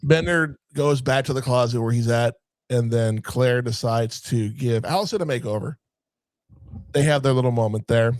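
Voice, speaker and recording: A man talking casually about a film on a podcast, recapping scenes in a profane, animated way. His voice sits at a middle pitch, and the sound is dry and close with no room echo. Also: moderate pace. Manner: profane, animated retelling of scenes with mimicked lines. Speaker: movie review podcast co-host.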